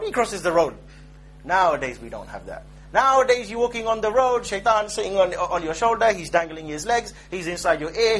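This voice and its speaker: High-voiced joking male preacher. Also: a bit bright, a little hiss or hum. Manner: conversational, joking, keeps asking "yeah?". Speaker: Islamic preacher. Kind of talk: informal religious lecture.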